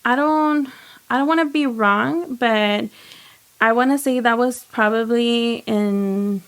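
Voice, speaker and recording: A young woman from Texas telling a story in casual chat, animated and quoting people, with lots of "like". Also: on the high side, slow. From United States. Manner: animated, lots of "like" and quoted dialogue. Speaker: guest, home baker and business owner.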